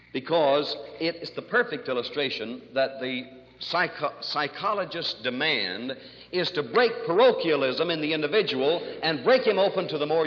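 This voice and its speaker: A man giving a rambling lecture full of fillers, telling jokes with acted voices, in an old archival recording. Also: mid-range voice. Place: lecture hall. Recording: distant hall, dull archival lo-fi recording.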